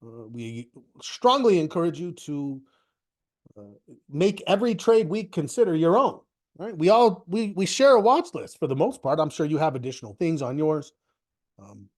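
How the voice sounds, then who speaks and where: A man's voice: fairly high pitch, animated, normal speed, darkish tone. A middle-aged man with a cold, stuffy and coughing now and then, hosting a live market webinar in a rambling, chatty way that often restarts sentences. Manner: rambling, self-correcting, chatty. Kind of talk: casual live webinar talk.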